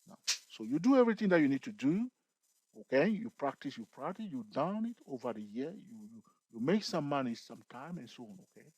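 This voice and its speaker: A man's voice: mid-range voice, fairly quick, husky, dry recording, rough recording. A man giving a casual investing tutorial, often checking in with "okay" and "all right" and joking with viewers. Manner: repetitive, peppers talk with "okay" and "all right"; lively, jokes with viewers.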